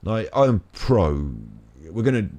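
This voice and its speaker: A man's voice: on the low side, lively intonation, slow pace, warm tone. A British man giving chatty, rambling let's play commentary, joking and laughing as he plays. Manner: jokey, chatty, laughs often. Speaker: gaming channel host.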